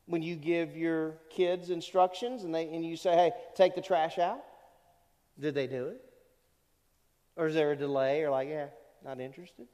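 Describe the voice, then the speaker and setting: A pastor in his fifties preaching a sermon to a congregation, animated and asking the listeners rhetorical questions. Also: fairly high pitch, big-room sound. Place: church service in a large hall.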